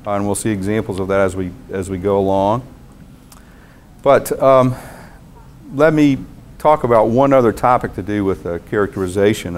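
Professor, male, lowish voice, measured lecturing pace with thoughtful pauses. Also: darkish tone, a little hiss or hum. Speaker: university professor. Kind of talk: university lecture.

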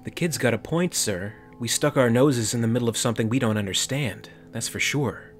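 A man's voice: medium pitch, fairly quick, faint music behind, lightly acted. A man voicing a wary, veteran male marine sergeant with a cautionary drawl.

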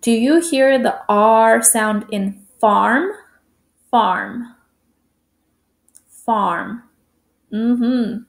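A woman teacher giving a slow phonics lesson to young children, drawing out words and sounding out letters. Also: fairly high pitch, reverberant.

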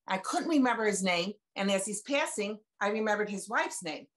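With a mid-range, expressive voice at a moderate pace, a woman in her seventies recounts her personal testimony of faith as a guest speaker. The video call has her sounding folksy and chatty as she re-enacts conversations with emphasis.

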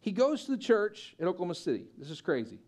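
A man with a high, bright-toned voice preaches to his church. He tells stories with energy, acting out other people's lines and pushing to loud, excited peaks. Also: quick pace. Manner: animated storyteller, acting out quoted voices and building to loud peaks. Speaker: pastor. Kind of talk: sermon with storytelling.

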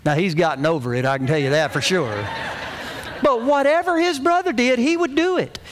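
Male pastor, middle-aged, high-pitched folksy storyteller. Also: fairly quick, background noise. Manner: folksy, animated storytelling with humor. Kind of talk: sermon.

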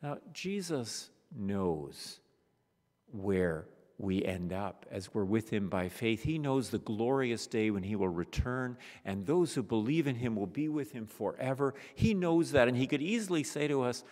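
A man delivering a funeral sermon as pastor, expressive, sometimes dropping to a hushed near-whisper. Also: medium pitch, unhurried. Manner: expressive preaching, drops to a hushed near-whisper on solemn words. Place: church sanctuary. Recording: long church reverb.

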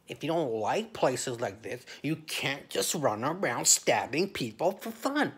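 A man's voice: mid-range voice, big pitch swings, unhurried, husky, full character voice. Prim, condescending woman official, as a man mocks her, prissy and matter-of-fact.

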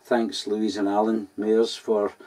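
A man's voice: lowish voice, flat delivery, takes it slowly, a little mellow. Chatty Scottish man, off-mic. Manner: chatty, hesitant, self-deprecating. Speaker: folk singer hosting an online gig. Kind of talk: casual chat between songs. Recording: voice from a distance off the mic.

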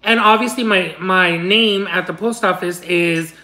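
A man's voice: high-pitched, unhurried, pushed and bright. A man vlogging as he opens fan mail, telling a story to his viewers in a dramatic, giggly way. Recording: roomy echo.

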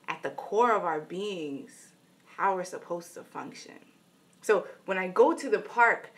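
A woman vlogger giving an earnest motivational talk, telling a story and checking in with "right?" asides. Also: medium pitch. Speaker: inspirational vlogger.

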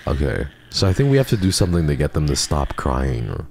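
A man plays a horror game on stream, bantering with viewers and reading items aloud in a very low, heavily gravelly voice. He sounds casual and teasing. A faint hiss sits behind his desk mic. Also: big pitch swings, brisk, a little mellow. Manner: jokey, chatty, reads game text aloud. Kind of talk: casual let's-play chat.

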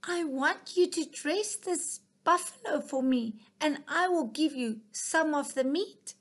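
A woman's voice: sits high, very animated, takes it slowly, pitched above the performer's own voice, exaggerated voice. A woman voicing a proud, selfish little male mouse who gives orders and sneers. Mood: commanding. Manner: commanding, sneering.

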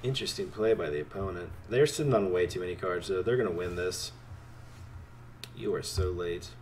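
A man giving casual commentary while playing a card game, talking to his opponent and swinging between excited outbursts and quiet muttering. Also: sits low, a little fast, slight background noise.

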